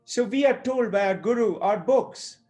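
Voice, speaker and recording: A man's voice: high voice, moderate pace, a little mellow, soft background music. A man teaching scripture, telling stories and acting out the people in them. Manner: storytelling, acts out quoted speakers. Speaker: spiritual teacher. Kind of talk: explanatory talk on scripture.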